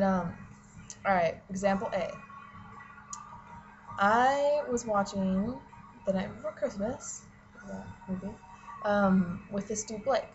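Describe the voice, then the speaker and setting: A woman's voice: medium pitch, darkish tone, highs cut off. Young female student vlogger, exasperated casual rant, profane, filler-heavy. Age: young adult. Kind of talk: casual ranting vlog.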